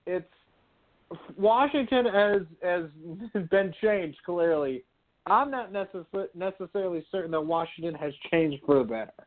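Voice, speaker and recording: Opinionated talk radio guy, higher voice, super sure of his picks, tinny phone sound. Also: expressive, a little slow. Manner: confident, opinionated predictions. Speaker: radio show co-host. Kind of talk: casual sports and politics talk. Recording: phone-line quality audio.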